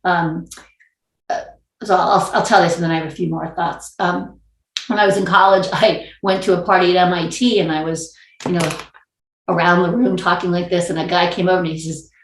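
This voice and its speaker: A woman with a New York accent talks through her ideas as a panelist on a video call. Her voice sits a little low, and she keeps restarting and searching for the right word. The room around her sounds noticeably echoey. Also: steady tone, fairly quick. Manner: thoughtful, wordy, many restarts. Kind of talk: panel discussion.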